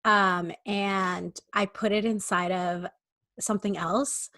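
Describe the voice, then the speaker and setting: A woman's voice: mid-range voice, steady tone, takes it slowly, sharp tone, no room sound. A young woman co-hosting a podcast, chatting casually and telling stories in a playful, teasing way with fillers. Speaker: podcast co-host. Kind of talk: casual chat.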